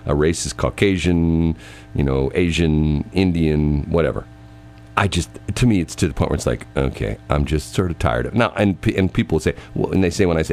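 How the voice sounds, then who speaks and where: A man with a very low voice chatting on a talk show, swinging his pitch widely as he jokes and argues. He laughs often and jumps high when something strikes him as absurd. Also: animated, a little fast, a little mellow. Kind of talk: casual banter.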